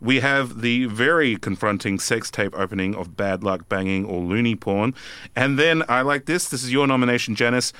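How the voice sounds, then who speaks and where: Man, podcast co-host, hesitant, lots of fillers, bright voice, dry close sound. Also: medium pitch, normal speed, smooth, no room sound. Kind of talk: casual film chat.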